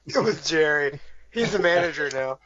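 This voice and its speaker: High, lively, joking man. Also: normal speed, lo-fi sound, a crowd in the background. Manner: joking, teasing. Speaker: podcast co-host. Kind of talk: casual chat.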